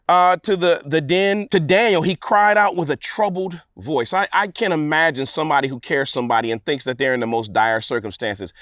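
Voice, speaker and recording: A man preaches a sermon in a high, very animated voice that leaps between loud peaks and quiet lows. He drives home repeated refrains with dramatic pauses. The sound is close and dry, with no room echo. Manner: preaching with call-and-response repetition and dramatic pauses. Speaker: pastor.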